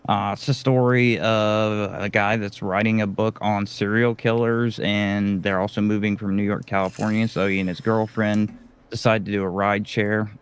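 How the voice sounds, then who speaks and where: A man's voice: on the low side, flat delivery, normal speed, clean tone. A man co-hosting a horror film podcast, summarizing a film in a plain, matter-of-fact way. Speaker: podcast co-host. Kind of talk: casual film review chat.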